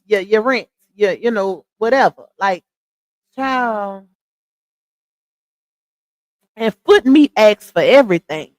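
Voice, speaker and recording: Woman on a livestream chatting to her viewers, kinda high voice, dry close sound. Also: no room sound. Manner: chatty, talks straight to viewers; laughs often while talking. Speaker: livestream host. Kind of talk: casual livestream commentary.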